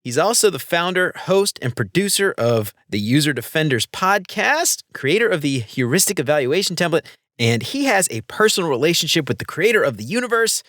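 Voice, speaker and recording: A man's voice: on the high side, sing-song, fairly quick, a bit bright, no room sound, clean studio sound. A man hosting a casual podcast interview, talking enthusiastically and gushing about his guest. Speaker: podcast host.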